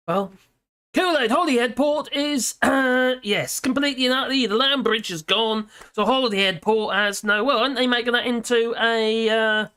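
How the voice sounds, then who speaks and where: A woman's voice: fairly high pitch, fairly bright tone. Chatty middle-aged British woman livestreaming. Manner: chatty, rambling, laughs often, reads viewer comments aloud. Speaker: livestream host. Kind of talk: casual political livestream chat. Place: home room with dogs.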